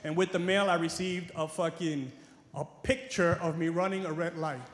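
A man from New York with a New York accent doing a brash, profane stand-up comedy set, swinging from muttering to shouting. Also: fairly high pitch, fairly even intonation, normal speed. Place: large comedy venue with a live audience. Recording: echoey hall with crowd noise.

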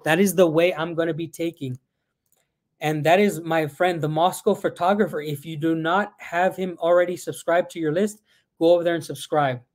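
A man's voice: fairly high pitch, steady tone, normal speed. A man answering viewer questions on a casual live stream, reading questions aloud and rambling a little, sometimes switching into Spanish. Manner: rambling, reads out chat questions, mixes in Spanish.

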